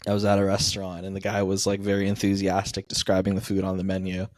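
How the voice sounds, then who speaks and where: A man's voice: sits low, completely flat delivery, quick pace, darkish tone, no room sound, studio quality. A man co-hosting a film review podcast, telling chatty, self-deprecating stories. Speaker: podcast co-host. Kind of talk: casual film review chat.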